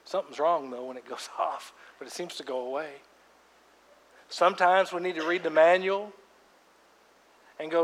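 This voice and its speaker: A man preaching a sermon as pastor, emphatic, swinging between loud outbursts and hushed words. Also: fairly high pitch, fairly even intonation, normal speed, pauses often. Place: church sanctuary. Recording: long reverb of a large church hall.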